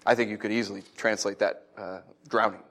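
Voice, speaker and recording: A man preaching a sermon who tells stories with animated swings, then teaches in an earnest, conversational way. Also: a little fast. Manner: animated storytelling, lively swings in pitch and loudness. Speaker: pastor.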